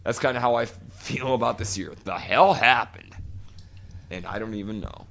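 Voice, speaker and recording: A man's voice: medium pitch, moderate pace, vocal fry, fairly bright tone. A man in his forties co-hosting a podcast, telling a long profane story in casual chat. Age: 40s. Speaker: podcast co-host.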